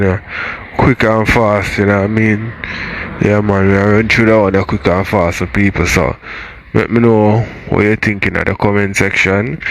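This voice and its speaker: Jamaican male host, relaxed commentary, low-ish voice, faint noise. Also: rough recording. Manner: relaxed, addressing viewers. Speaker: reaction channel host. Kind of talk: casual commentary.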